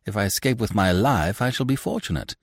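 Man reading an unruffled witty young man, low voice, dry ironic delivery, no room sound. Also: expressive, fairly quick, dry recording. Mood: wry.

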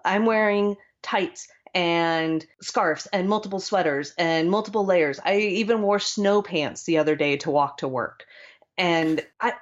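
A woman's voice: mid-range voice, lo-fi sound. A woman from California co-hosting a podcast, chatting casually with many "like"s and an exasperated manner. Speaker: podcast co-host. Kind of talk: casual chat.

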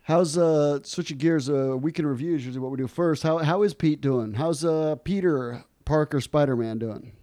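A man hosting a casual podcast, upbeat, with quick asides and reminders to listeners. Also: on the high side, warm tone, dry recording, clean studio sound. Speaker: podcast host.

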